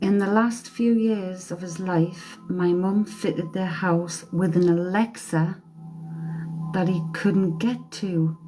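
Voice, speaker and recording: A woman's voice: lowish voice, noisy background. A woman working as a psychic medium on a live stream, chatting with viewers and relaying messages, laughing often. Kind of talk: live-stream spirit reading. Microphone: phone or webcam for a live stream.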